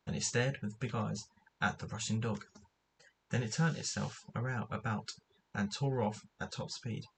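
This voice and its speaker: A man's voice: lowish voice, slight background noise, low-quality recording. A man reading a children's book aloud, stumbling now and then and correcting himself as he goes. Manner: unrehearsed reading with slips and self-corrections. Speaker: narrator.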